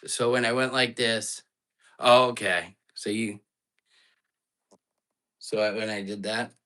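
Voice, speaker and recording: A man's voice: lowish voice, fairly even intonation, slow pace, pushed and bright. A man hosting a live ghost-hunting stream from an apartment at night, chatting casually and jumpily straight to his viewers. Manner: chatty, jumpy, talks straight to his chat.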